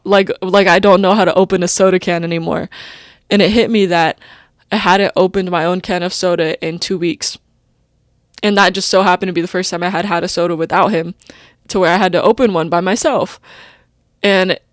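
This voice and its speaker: A woman's voice: mid-range voice, no echo, studio quality. A young woman hosting a podcast, talking in a rambling, personal, stream-of-consciousness way full of "like" and "you know". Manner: emotional, openly personal. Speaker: podcast host. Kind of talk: casual confessional monologue.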